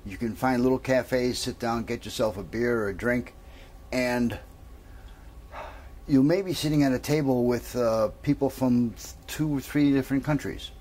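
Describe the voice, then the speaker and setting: A man casually telling a long joke, rambling with many fillers and pauses. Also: mid-range voice, darkish tone, a little hiss or hum. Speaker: joke teller.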